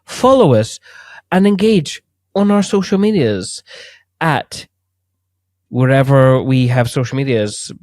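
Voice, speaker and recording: A male podcast host chats casually and teases his guest with a joking edge. His voice sits a little high and swings widely in pitch. The sound is dry and close, with no room around it. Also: no echo. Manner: jokey and animated, teasing.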